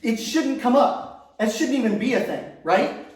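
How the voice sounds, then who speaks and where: A man's voice: extremely high pitch, lively intonation, a little slow. A man doing a stand-up comedy set, telling stories with crude punchlines and chuckling at his own jokes. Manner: storytelling with self-amused laughs and crude punchlines. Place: comedy stage before a laughing audience. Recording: echoey club room, voice from far off.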